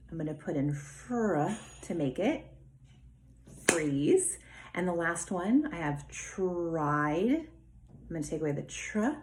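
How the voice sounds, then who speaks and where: A woman teaching a remote phonics lesson, sounding out words slowly and clearly and praising her pupils. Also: lowish voice, slight background noise. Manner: slow, clearly enunciated, encouraging teacher talk.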